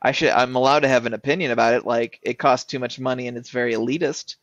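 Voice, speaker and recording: A man co-hosts a casual podcast, thinking aloud and stopping to restart his sentences. His voice sits at a middle pitch for a man. The recording is dry and a little dull, with no room echo. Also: steady tone, fairly bright tone. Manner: halting, restarts mid-sentence. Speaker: podcast co-host.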